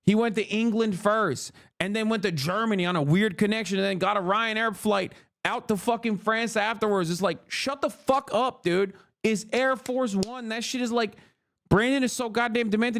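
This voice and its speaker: Exasperated high-voiced male streamer. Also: normal speed, fairly bright tone. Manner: exasperated, mocking, sarcastic. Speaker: streamer reacting to news. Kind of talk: profane reaction commentary.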